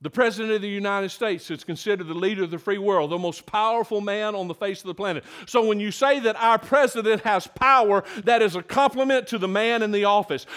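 An older man preaching a sermon in a folksy, emphatic way that builds to loud peaks. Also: high-pitched, brisk, few pauses.

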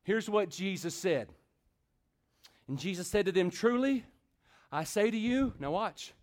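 Pastor, high voice, middle-aged, preaches with dramatic pauses and hushed-to-loud swings. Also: male voice, lively intonation. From Texas. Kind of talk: sermon.

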